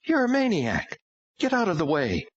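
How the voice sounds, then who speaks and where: A distraught teenage girl from an audiobook, her voice pitched high and shrill and turning tearful, as a male narrator puts her on. The audio is dull and lo-fi. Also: wildly swooping pitch, moderate pace, a bit bright, breathy edge, exaggerated voice. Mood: angry.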